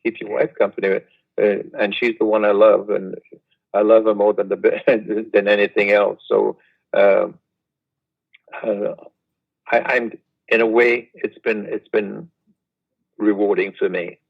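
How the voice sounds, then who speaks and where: An older man, a guest reminiscing in an unhurried, rambling way over a video call. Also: on the low side, flat delivery, vocal fry, husky, highs cut off. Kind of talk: casual interview chat.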